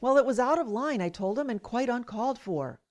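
A woman's voice: fairly high pitch, lively intonation, a little fast, darkish tone. Middle-aged female radio host, scripted first-person commentary, indignant and emphatic delivery.

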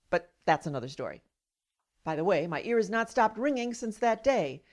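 Woman narrating a personal story, wry, indignant edge. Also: mid-range voice. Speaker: patient advocate.

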